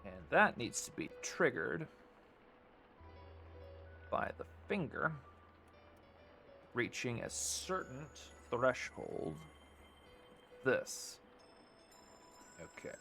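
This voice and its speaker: A man's voice: mid-range voice, very animated, very slow, vocal fry, pauses often, bright, forceful tone, soft background music. A man streaming a casual tutorial, thinking aloud and muttering as he works, with the odd swear. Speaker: streamer teaching 3D modeling.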